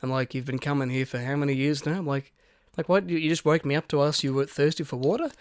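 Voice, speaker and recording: Male podcast co-host, animated storyteller, highish voice, dry close sound. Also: fast, no room sound. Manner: animated storyteller, swears a lot, acts out quotes. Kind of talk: casual storytelling chat.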